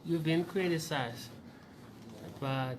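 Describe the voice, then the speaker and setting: A man as a reporter asking a formal interview question in a measured way. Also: on the high side, background noise.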